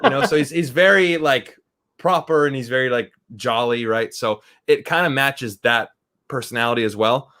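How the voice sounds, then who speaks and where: A man's voice: mid-range voice, moderate pace, sharp tone. A man who is a guest film critic chatting casually, rambling along and often checking in with "right?". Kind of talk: casual chat.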